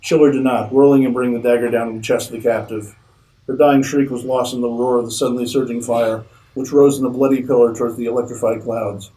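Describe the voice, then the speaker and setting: Mellow-voiced man reading his fiction aloud. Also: mid-range voice, level tone, fast talker, low-quality recording. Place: convention reading room.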